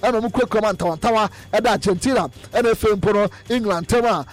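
A man presenting an animated football news roundup, excitable, repeating phrases in chanting bursts and mixing in English words. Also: sits high, quick pace.

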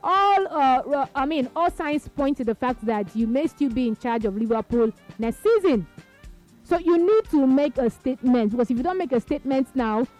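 A woman hosts a radio sports talk show, brisk and chatty as she takes calls. Her voice sits high, and faint music plays underneath. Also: expressive, darkish tone.

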